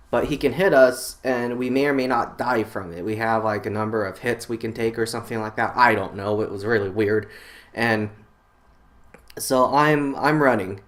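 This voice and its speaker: A man's voice: mid-range voice, fairly bright tone. A man casually recounting a weird dream on his channel, rambling with lots of fillers and restarts. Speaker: channel host. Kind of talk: casual storytelling about a dream.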